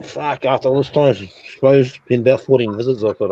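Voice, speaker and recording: A man's voice: medium pitch, fast talker, dark tone. A man telling a sleep paralysis story on a casual stream, swearing a lot and acting out sounds and his own reactions. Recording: dull lo-fi stream audio.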